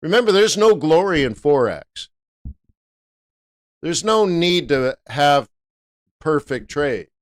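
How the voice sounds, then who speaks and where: A middle-aged man talks through a live trading session in a smooth, resonant voice that sits a little high for a man. He is animated and jokey, often bursting into loud playful bits between his points. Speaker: forex trader hosting a live stream.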